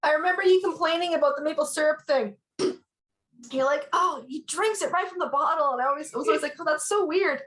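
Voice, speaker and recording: High-voiced middle-aged woman. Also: fairly quick. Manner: explains plainly, laughs warmly. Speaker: daughter on a family video call. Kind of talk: casual chat.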